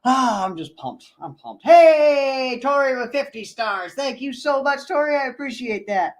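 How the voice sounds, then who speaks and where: A man hosting his own livestream, talking excitedly and rambling to his viewers. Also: very high voice, a little slow, rough recording. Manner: hyped and pumped, loosely rambling, addresses viewers directly. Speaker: livestream host.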